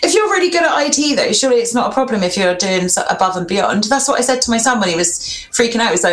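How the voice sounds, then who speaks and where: A woman's voice: a little high, lively intonation, fairly bright tone, echoey room. A woman in a casual discussion, talking in a conversational way and adding her own stories. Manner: conversational, quick to agree and add stories.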